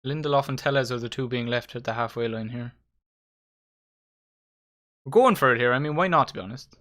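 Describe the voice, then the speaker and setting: Young lad doing a football watchalong, swears loads, gets worked up, bright voice. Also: male voice, medium pitch, a little fast. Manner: excitable, swearing, addresses viewers as lads. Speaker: watchalong host. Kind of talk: live match commentary.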